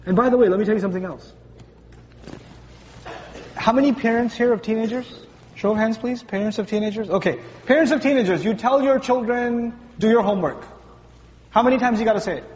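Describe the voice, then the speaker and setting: A man preaching a sermon to a gathered congregation, lively and conversational, acting out everyday voices as he talks. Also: very high voice, fast. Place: large gathering hall with congregation. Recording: distant voice in a large hall, muffled, faint hum.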